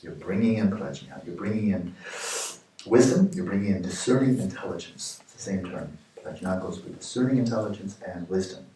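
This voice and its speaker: A man in his sixties giving a meditation retreat talk, explaining with playful everyday examples and sudden lively jumps in pitch. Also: brisk, slight background noise. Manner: animated, playful examples, rising pitch for jokes. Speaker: meditation teacher. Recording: echoey hall from far off.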